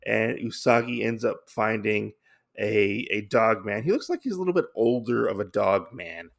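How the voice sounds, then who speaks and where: Creaky-voiced man hosting a casual podcast. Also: fairly low pitch, lively intonation, normal speed. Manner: rambling, many fillers and restarts. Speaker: podcast host. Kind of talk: casual comic book recap.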